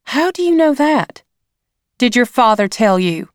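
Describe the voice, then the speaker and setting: Woman doing a weary gentle mother, storybook, soft and earnest, low gravelly voice, unhurried. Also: dry recording, clean studio sound.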